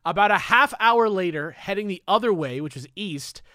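Animated, bright-voiced young man telling a story. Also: sits high, normal speed, no echo, clean studio sound. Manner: animated, swearing, jokey asides. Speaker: podcast host. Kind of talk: casual storytelling chat.

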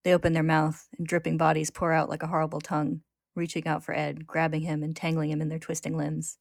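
A woman hosting, narrating a story recap in a steady, descriptive way. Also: low-pitched, quick pace, gravelly, no echo, studio quality.

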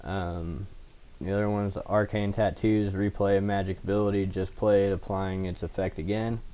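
A man's voice: low voice, level tone, moderate pace, dark tone. A man playing a tabletop game, reading item cards aloud in a hesitant way. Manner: hesitant, with fillers. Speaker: player.

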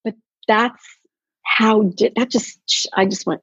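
A woman coaching in casual podcast chat, telling animated stories and acting out quotes. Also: on the high side, slow, pauses often, husky, no echo. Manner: animated storyteller, acts out quotes. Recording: dull, dry lo-fi sound.

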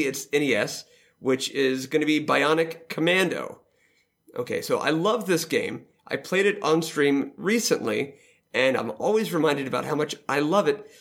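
A man's voice: fairly high pitch, gravelly, fairly bright tone. A man hosting a casual roundtable chat about video games, leading the group and laughing easily. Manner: leads the discussion, laughs easily. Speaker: podcast host.

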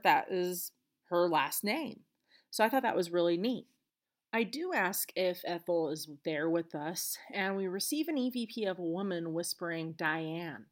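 A woman hosting a podcast, retelling events alone in a chatty, earnest way with casual asides. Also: fairly low pitch. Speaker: podcast host. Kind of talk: solo podcast storytelling.

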